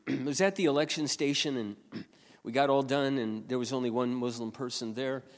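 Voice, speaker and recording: A man pastor telling a story in a sermon, often clearing his throat as he retells conversations. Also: medium pitch, normal speed. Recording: long hall reverb.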